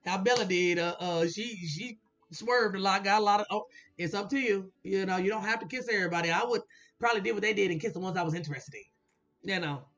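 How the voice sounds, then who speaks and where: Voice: mid-range voice, fast, fairly bright tone. Chatty vlogger with a blunt, swearing recap delivery, recorded on dull lo-fi audio with faint background music. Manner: chatty, blunt, laughs often, swears casually. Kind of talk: casual commentary.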